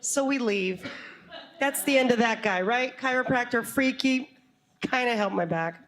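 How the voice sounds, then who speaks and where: Woman storyteller, live on stage, slightly high pitch, lively and comic. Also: a little slow. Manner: animated, laughing, comic asides. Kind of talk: live storytelling before an audience. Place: stage before a live audience.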